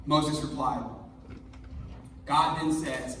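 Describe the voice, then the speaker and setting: A male pastor preaching a sermon in an energetic, conversational, jokey way, recorded in a church hall. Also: high-pitched, measured pace. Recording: echoey hall, mic far off.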